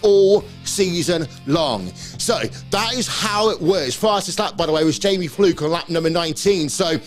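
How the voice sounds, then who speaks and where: A man presenting a live esports broadcast, recapping the results in an energetic, chatty way. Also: high voice, moderate pace, faint music behind.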